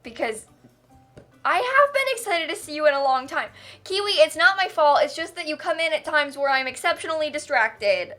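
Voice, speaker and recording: A fairly high-pitched woman chats on a livestream, giggly and rambling, breaking into laughter often. Soft music plays faintly behind her. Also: lively intonation, a little fast. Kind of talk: casual livestream chat.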